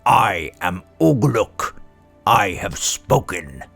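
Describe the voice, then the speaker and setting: A man's voice: on the low side, big pitch swings, vocal fry, a bit bright, slightly rough, soft background music, voice pushed down, full character voice. A man growling as a boastful orc captain. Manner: growling, slow and domineering. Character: brutish male Uruk-hai orc captain, boastful.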